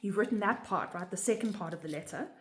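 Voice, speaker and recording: A woman's voice: mid-range voice, fast. A woman explaining a home ritual in a casual, earnest way, often checking in with "right?". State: emotional, near tears. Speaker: spiritual teacher. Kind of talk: casual instructional talk. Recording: echoey room.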